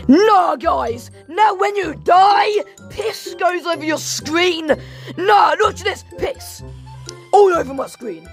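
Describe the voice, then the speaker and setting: Woman, let's play commentary, high voice, unhurried delivery, excitable, shouty. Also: faint music behind. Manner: excitable, shouty, mock-formal asides. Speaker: gaming channel host.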